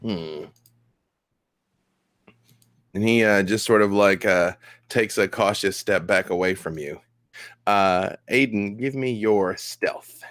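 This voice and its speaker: A man narrating as game master in a tabletop game, with measured, descriptive narration. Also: on the low side, fairly bright tone, no room sound, studio quality.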